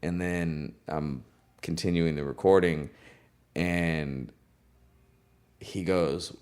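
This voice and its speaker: Speaking very slowly with long pauses, this young man has a very deep voice. He works as a recording engineer and shares stories in a laid-back interview, laughing a lot and peppering his talk with "like" and "you know."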